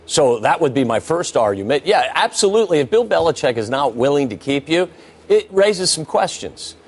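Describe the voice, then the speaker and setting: A man appearing as a guest NFL analyst on a sports debate show, explaining his view calmly with analogies. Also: a little high, normal speed.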